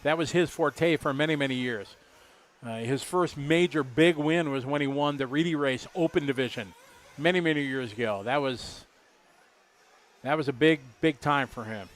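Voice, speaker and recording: A man in his fifties doing relaxed, rambling live race commentary, chatty and jokey. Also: mid-range voice, moderate pace. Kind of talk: casual live commentary chat.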